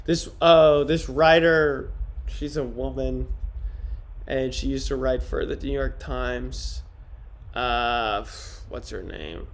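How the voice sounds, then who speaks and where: A man streaming in casual livestream chat, trying out deadpan stand-up jokes on his viewers. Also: mid-range voice, takes it slowly.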